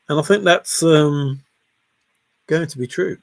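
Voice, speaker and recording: A man hosts a casual livestream, reading viewer comments aloud and teasing them while rambling and chuckling. His voice is a little high and slow with vocal fry, recorded with no echo.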